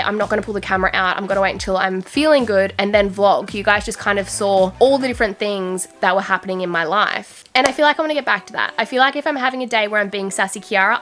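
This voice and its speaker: A woman's voice: mid-range voice, fairly bright tone. A young Australian woman vlogger having a candid, earnest chat to camera, confiding and full of "I feel like".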